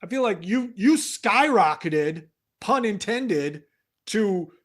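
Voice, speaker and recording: A man voicing an aggrieved lone astronaut in an improvised comedy scene, complaining in a low, halting voice. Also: animated, a bit bright, full character voice.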